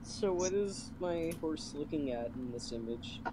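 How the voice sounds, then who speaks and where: A woman's voice: low voice, lively intonation, measured pace. A woman joking around in casual chat while drawing with friends, over a noisy mic. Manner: joking, playful.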